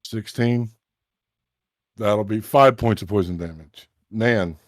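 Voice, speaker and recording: Game master, male; deep-ish, steady, businesslike; dead dry mic. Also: takes it slowly, no room sound. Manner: matter-of-fact, calling out damage and rolls. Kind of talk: running a tabletop game.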